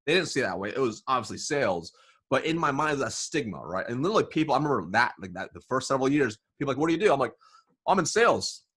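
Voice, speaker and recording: Man, sales consultant guest, animated storyteller, husky voice, acts out dialogue. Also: mid-range voice, racing. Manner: animated, says "right?" often, acts out dialogue. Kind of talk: casual interview storytelling.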